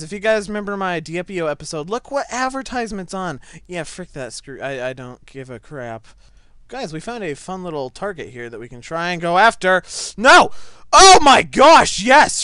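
A young gaming channel host narrates his gameplay in a high, bouncy voice with wide swings, smooth and clear in tone. The recording is dry and close, from a desk microphone set back a little. He's excitable, yelping and laughing when big moments hit.

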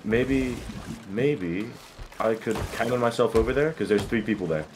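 Excitable young man, gaming over loud noise. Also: on the low side. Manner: excitable, swears often, quick bursts of shouting. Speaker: game streamer. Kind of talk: casual gameplay chat with teammates. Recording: game sounds of boat and water behind voice.

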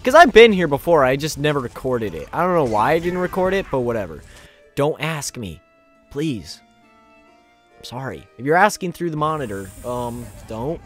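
A man with a hoarse, gravelly voice casually commentating a video game, crude and joking. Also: medium pitch, sing-song, moderate pace, soft background music. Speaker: gamer. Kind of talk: casual let's play commentary.

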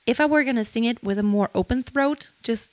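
A woman's voice: on the high side, fairly quick, a little mellow, no echo. A young woman teaching singing technique in a lesson, explaining points and singing short phrases to demonstrate them. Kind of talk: vocal lesson with sung demonstrations.

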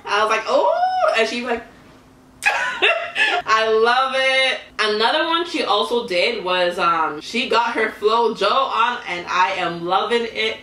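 A young woman with a bright, sharp voice chats through a casual reaction vlog, laughing easily and reacting with excitement. She sits a little back from the mic in an echoey room with a faint hum of ambience. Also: on the high side, measured pace, recorded from a distance. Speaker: YouTuber reviewing celebrity costumes.

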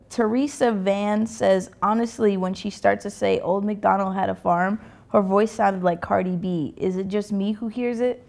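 Laid-back sarcastic young woman with gravelly fry. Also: mid-range voice, fairly even intonation, moderate pace, darkish tone. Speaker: musician reading comments. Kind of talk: casual reaction commentary.

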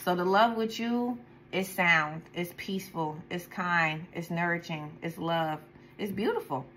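A woman's voice: fairly low pitch, a little slow, a bit bright, a little hiss or hum, low-quality recording. Chatty, profane woman tarot reader. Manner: profane, chatty, rambling, with frequent laughs. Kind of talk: casual tarot reading to viewers.

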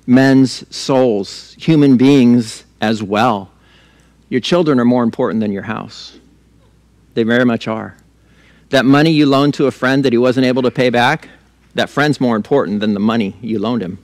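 A man's voice: mid-range voice, no room sound. A middle-aged male pastor preaching a sermon in a conversational way, with laughing asides and repeated words as he restarts.

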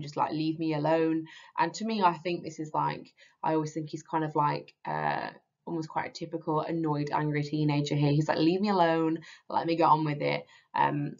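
A woman's voice: deep voice, gravelly, a little mellow. A woman teaching a literature lesson in a casual, hesitant way, with many ums and restarts. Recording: slightly dull lo-fi audio.

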